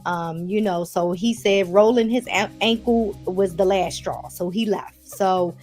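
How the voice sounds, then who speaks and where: A woman's voice: medium pitch, unhurried, darkish tone, faint music behind. A woman with a Baltimore accent, chatting casually to her viewers as she recaps a TV episode. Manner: chatty, addresses viewers as y'all. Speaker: TV episode reviewer.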